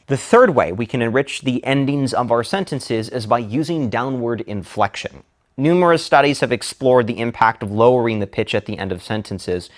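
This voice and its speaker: Measured male speaking instructor. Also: mid-range voice. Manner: measured, deliberate delivery with slow emphatic phrases. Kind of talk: scripted lecture.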